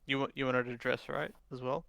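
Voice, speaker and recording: Male game master, casual and rambling, bright tone. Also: mid-range voice, fairly even intonation, a little fast, gravelly, no room sound. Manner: casual, rambling with many fillers. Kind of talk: narrating a tabletop game.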